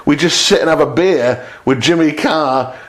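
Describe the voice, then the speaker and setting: A man casually telling a long anecdote as a podcast guest, lively and self-deprecating, acting out other people's voices. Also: normal speed. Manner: animated storyteller who acts out quoted voices with sudden high jumps.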